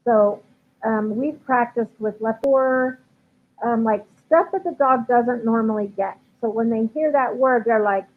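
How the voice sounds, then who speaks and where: A woman dog trainer with a fairly high voice and measured pace answers viewer questions during a casual live stream. She's chatty, full of ums and likes, heard through a livestream computer mic on a tinny, phone-like line with faint hiss.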